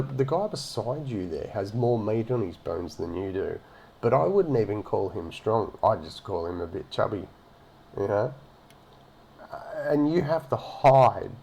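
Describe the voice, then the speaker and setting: A man's voice: fairly low pitch, vocal fry, darkish tone, slight background noise. A man giving a profane, mocking rant as he comments on a video. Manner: ranting and mocking, heavy swearing. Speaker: reaction commentator.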